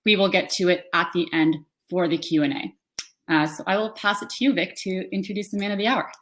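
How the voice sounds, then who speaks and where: A woman hosting an online workshop, welcoming viewers in a relaxed, casual way. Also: lowish voice, fairly quick. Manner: relaxed, friendly, with "uh" and "um". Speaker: webinar host. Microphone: online video call.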